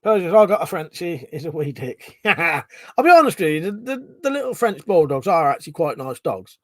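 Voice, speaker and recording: A man's voice: on the high side, sing-song, a little fast, fairly bright tone, no room sound, clean studio sound. A man from Buckinghamshire, hosting a livestream in casual chat, reading out viewer comments, laughing often and swearing freely. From Buckinghamshire, England. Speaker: livestream host.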